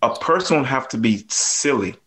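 A man's voice: mid-range voice, expressive, moderate pace, a bit bright. A man with a Jamaican accent, a plumber and landlord, talking loosely with lots of fillers as a podcast guest. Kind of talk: casual podcast interview.

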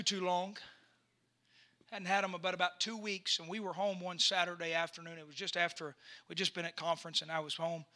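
A pastor with a high, very bright and ringing voice. He tells a story from the pulpit, then drives toward loud, shouted preaching. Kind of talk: sermon.

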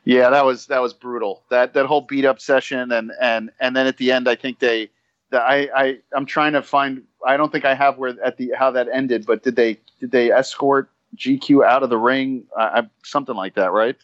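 A man's voice: medium pitch, steady tone, moderate pace, a bit bright, dull audio. A man co-hosting a wrestling podcast in casual chat, rambling and swearing with self-deprecating humor. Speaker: podcast co-host.

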